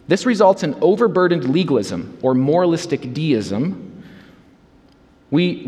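A man's voice: on the high side, a little mellow, big-room sound. A man preaching a sermon as a pastor, earnest and emphatic in a conversational way.

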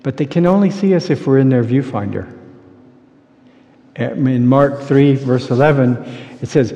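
Man preaching a lively sermon in a hall. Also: mid-range voice, measured pace, long pauses. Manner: animated storytelling, dropping to quiet intensity. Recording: dull lo-fi sound with long hall reverb.

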